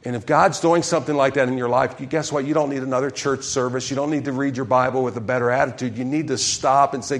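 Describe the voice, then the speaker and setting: A man's voice: medium pitch, fairly even intonation, fast, hardly any pauses. Emphatic male pastor preaching. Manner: emphatic, calls out to the congregation. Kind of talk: sermon.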